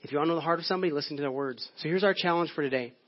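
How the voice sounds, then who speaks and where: Higher-voiced man preaching, dull lo-fi sound. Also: very fast. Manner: conversational, storytelling preacher. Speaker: pastor. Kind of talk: sermon. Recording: dull lo-fi audio.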